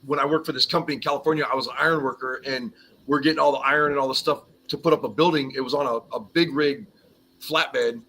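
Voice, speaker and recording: Bright-voiced man rambling through a story. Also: medium pitch, fairly even intonation, fast talker, slight background noise, rough recording. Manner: rambling storyteller, says "whatever" often. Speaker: guest, former iron worker. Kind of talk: casual live-stream chat.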